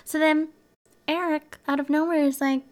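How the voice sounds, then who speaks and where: A woman's voice: high-pitched, fairly even intonation, normal speed. A woman hosting a true crime podcast, telling the story casually and animatedly, with frequent ums and likes.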